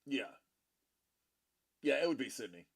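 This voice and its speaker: A man's voice: medium pitch, big pitch swings, measured pace, gravelly. A middle-aged man hosting a casual collectibles show, rambling and joking as he tells stories with many restarts. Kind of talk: casual chat.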